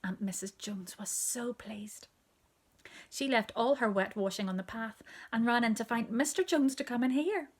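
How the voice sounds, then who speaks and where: A woman's voice: a little high, moderate pace. A woman reading a children's story aloud. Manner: expressive, drops to a hushed whisper for asides.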